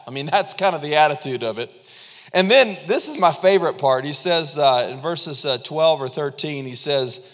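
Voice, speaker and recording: A man preaching a sermon as pastor, animated and acting out quotes with frequent chuckles. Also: a little high, moderate pace. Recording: long hall reverb.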